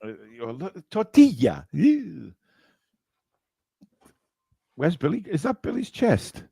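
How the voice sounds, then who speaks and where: A man's voice: a little high, very animated, slow pace, vocal fry, mellow, husky, no room sound. A man hosting a charity live stream, reading out donations and laughing at cheeky comments. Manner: laughing, reads out super chats with mock outrage. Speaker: livestream host reading donations. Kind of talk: casual live stream chat.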